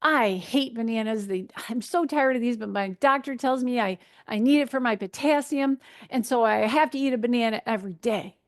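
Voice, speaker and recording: A chatty elderly woman who complains about her daily diet and warms up when shown another option, as a woman speaker retells her. She sits a little high in pitch, in the casual tone of an anecdote. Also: fairly quick, few pauses, no echo, clean studio sound, lightly acted. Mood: grumbling. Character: elderly woman, grumbling, then surprised.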